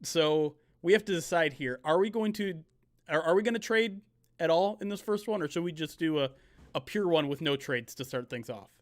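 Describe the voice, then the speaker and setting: Chatty man hosting a live stream. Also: on the high side. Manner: rambling, filler-heavy, quick bursts. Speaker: host. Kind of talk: live-stream casual chat.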